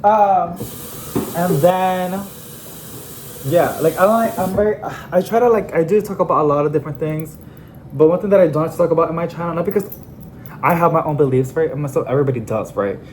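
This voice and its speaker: Chatty plant vlogger with excited squeals. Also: mid-range voice, a little fast, a little hiss or hum. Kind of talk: casual vlog chat. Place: home among houseplants.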